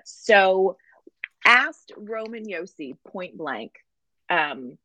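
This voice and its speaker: A woman in her forties co-hosts a casual sports podcast, chatty and emphatic. Her voice sits a little low. It is recorded close and dry, with no room sound. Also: animated, fairly bright tone, dry recording, low-quality recording. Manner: chatty and emphatic, with slowed stresses. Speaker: podcast co-host.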